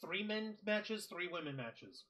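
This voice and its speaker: A man co-hosting a wrestling podcast talks in a high, ringing voice. He chats casually, cursing freely and pressing his partner with disbelieving questions. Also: animated, pushed and bright. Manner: incredulous, profane, quick questions. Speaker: podcast co-host. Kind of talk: casual wrestling review chat.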